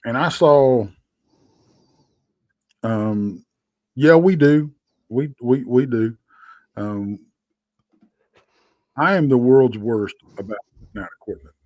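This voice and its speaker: A man with a Texan accent, telling a story as a guest, rambling and halting with lots of fillers. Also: medium pitch, a little mellow, no room sound. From Texas. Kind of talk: casual storytelling.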